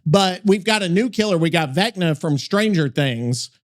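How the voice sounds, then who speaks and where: A man with a high-pitched voice hosts a casual podcast. He rambles, swears constantly and cuts himself off mid-thought as he goes. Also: lively intonation, moderate pace. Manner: rambling, swears a lot, self-interrupting. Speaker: podcast host. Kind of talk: casual profane podcast chat.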